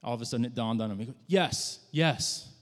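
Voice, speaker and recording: A man preaching a sermon, telling a story in a conversational, halting way with frequent restarts. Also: mid-range voice, monotone, a little mellow. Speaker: pastor. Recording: long hall reverb.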